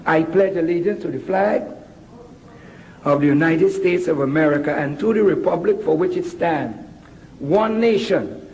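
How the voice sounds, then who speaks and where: A man's voice: on the high side, moderate pace, darkish tone, slight background noise, voice pushed down, close to an everyday voice. A man putting on a stern West Indian mother. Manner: firm, commanding. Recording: long hall reverb with crowd.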